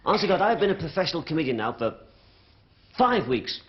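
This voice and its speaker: A man's voice: on the high side, very animated, fast, a little hiss or hum. A man with a Liverpool accent doing a cheeky stand-up comedy routine, chatting and bantering with a live audience. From Liverpool, England. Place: theatre stage before a live audience. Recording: dull 1970s TV broadcast audio, loud audience laughter.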